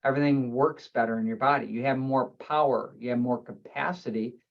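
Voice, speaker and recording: A man who works as a chiropractor, giving a health webinar presentation and explaining terms in steady lists. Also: mid-range voice, brisk, vocal fry, muffled recording.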